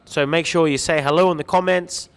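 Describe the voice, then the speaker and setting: Male livestream host, friendly and chatty, slightly raised pitch, long hall echo on the track. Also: steady tone, fairly quick, clean tone. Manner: chatty, greets viewers by name, light joking. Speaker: livestream host reading viewer comments. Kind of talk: upbeat live-stream chat.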